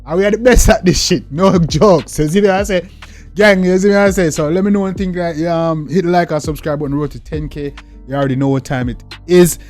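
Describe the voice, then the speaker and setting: Young man, Jamaican accent, reaction host, hyped slangy chatter, slightly high voice, faint music behind. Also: a little fast, darkish tone. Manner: hyped, slangy, repeats catchphrases. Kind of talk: casual reaction commentary.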